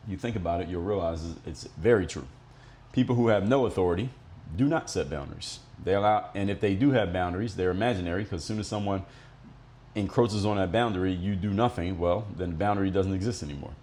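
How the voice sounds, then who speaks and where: A deep, darkish voice, fast-talking, carries this middle-aged Miami native's solo podcast storytelling. His monologue is blunt, explanatory, and somewhat profane, and a little hiss or hum can be heard.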